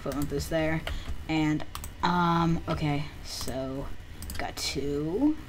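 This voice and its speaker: A woman giving casual gameplay commentary, muttering to herself with excitable outbursts. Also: sits low, extremely slow, background noise. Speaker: gamer.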